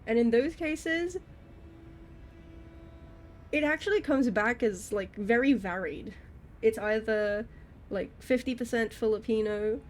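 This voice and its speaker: A woman's voice: fairly high pitch, slow, pauses often, slight background noise. Chatty young woman with an English accent. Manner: chatty, many fillers and restarts, frequent laughs. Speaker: streamer. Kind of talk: casual live-stream chat.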